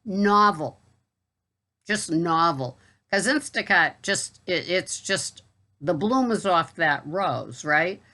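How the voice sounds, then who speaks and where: A woman with a Boston accent talks to her viewers in a loose, chatty way. Her voice sits low, and her wry, exasperated asides keep the talk moving. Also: lively intonation, takes it slowly, bright, forceful tone. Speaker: vlogger and gig delivery worker. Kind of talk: casual talk to camera.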